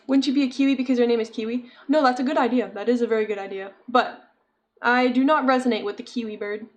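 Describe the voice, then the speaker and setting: A woman's voice: fairly high pitch, fairly even intonation, fast talker. A young woman chatting casually with her viewers while she crochets, giggling often and answering chat. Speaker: streamer.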